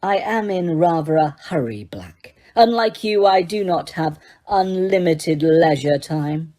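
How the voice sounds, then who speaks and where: A woman reading an audiobook, voicing a cold, sneering male teacher who speaks slowly, quietly and waspishly. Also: sits low, animated. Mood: cold whisper. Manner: slow, quiet and silkily waspish.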